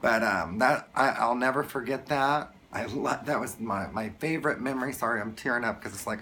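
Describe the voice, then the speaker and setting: A man telling a story to camera in a casual vlog, excited and gushing, often restarting his sentences. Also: medium pitch, fairly quick, hardly any pauses, slight background noise. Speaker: vlogger.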